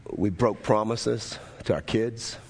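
Preacher doing a hushed, earnest dying man, low and solemn. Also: takes it slowly, gravelly, husky, heavily acted. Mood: solemn confession. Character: dying man, repentant, confessing to family.

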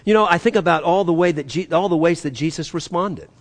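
A man preaching a sermon, animated and acting out the voices he quotes, his voice rising and dropping sharply. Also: a little high, fast. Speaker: pastor.

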